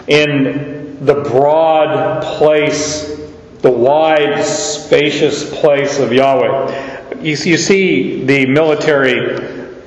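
Slow-speaking male pastor in an echoey hall. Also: medium pitch. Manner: slow, halting teaching with repeated words. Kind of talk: verse-by-verse sermon. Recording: echoey hall, dull sound.

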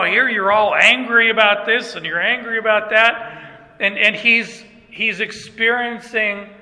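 High, bright-voiced older male pastor preaching. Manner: conversational, joking preaching with asides to the congregation. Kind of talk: sermon. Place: church. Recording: long church reverb.

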